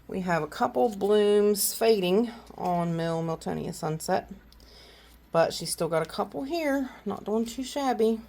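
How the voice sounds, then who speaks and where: A woman's voice: mid-range voice, lively intonation, measured pace, gravelly, a little mellow. A middle-aged woman with a Southern US accent, chatting casually and rambling through a walkthrough of her plants at home. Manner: chatty, rambling, many fillers and restarts. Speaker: orchid vlogger. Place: indoors at home among plant shelves.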